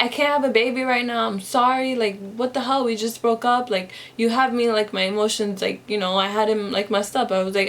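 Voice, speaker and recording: A woman's voice: medium pitch, steady tone, normal speed. A young woman telling a personal story while she does her makeup, rambling casually with lots of fillers and restarts. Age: young adult. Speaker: vlogger. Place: at home, in front of a camera.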